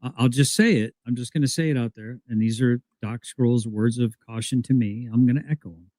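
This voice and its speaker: A man co-hosting a livestream in casual talk, blunt and profane, often doubling back on his phrases. His voice sits at a middling pitch, and the recording is close and dry. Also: brisk, mellow, dry recording, low-quality recording. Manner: cautionary, profane, repeats phrases.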